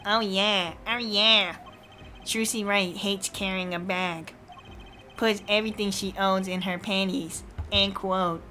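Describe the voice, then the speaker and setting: A woman's voice: mid-range voice, steady tone, takes it slowly, bright, forceful tone, slight background noise. A woman voicing a smug nerdy reporter guy. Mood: teasing. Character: nerdy, pushy male reporter, young adult. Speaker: streamer voicing a game character. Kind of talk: live game playthrough voice acting.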